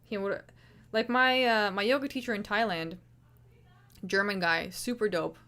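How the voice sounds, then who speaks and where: A woman's voice: medium pitch, moderate pace, fairly bright tone, clear, resonant tone. Rambling woman streamer chatting casually. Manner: rambling, swears, many fillers and restarts. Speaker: livestream host. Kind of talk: casual livestream commentary.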